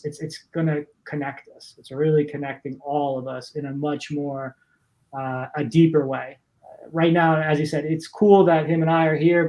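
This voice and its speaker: A man's voice: fairly high pitch, darkish tone, low-quality recording. A man co-hosting a casual podcast chat, earnest and enthusiastic, rambling a bit. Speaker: podcast co-host.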